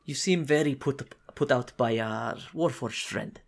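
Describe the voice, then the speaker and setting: A man playing a soft-spoken menacing inquisitor. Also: mid-range voice, a little slow, gravelly. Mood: cold probing. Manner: quiet, clipped, veiled threats. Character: intense, menacing male inquisitor commander.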